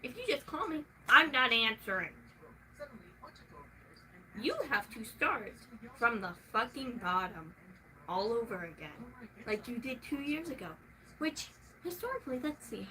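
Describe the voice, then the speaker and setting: A young woman venting in a casual vlog, swearing freely and swinging from soft talk to loud shouting. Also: a little high, animated, moderate pace, rough recording.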